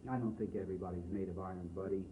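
A man playing a young man who talks to his sister in a low, quiet, blunt and brotherly way. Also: fairly even intonation, very fast, distant mic, natural voice. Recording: echoey, phone-like, faint hiss.

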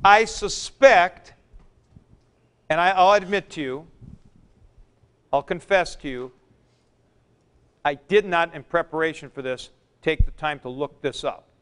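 A man teaching a classroom lecture, explaining deliberately with frank asides to his students. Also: a little high, a bit bright, smooth. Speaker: Greek teacher.

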